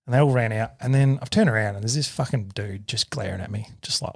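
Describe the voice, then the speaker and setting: A man in his thirties with an Australian accent, a podcast co-host telling a story in a sweary, animated way. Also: on the low side, quick pace, creaky, no echo, studio quality. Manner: sweary, animated retelling with shouted quotes. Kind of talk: casual storytelling.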